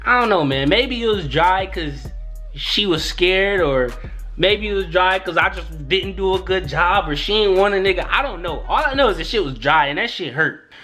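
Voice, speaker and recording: Young male vlogger, animated slangy storyteller, bright lively voice, light music underneath. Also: high voice, moderate pace. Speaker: YouTuber. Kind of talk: casual storytelling.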